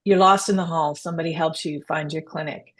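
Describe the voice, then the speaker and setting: A woman patient advocate and guest in a casual conversation who talks fast and affirms others warmly. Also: low-pitched, steady tone. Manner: fast-talking, warm affirming. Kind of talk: casual chat.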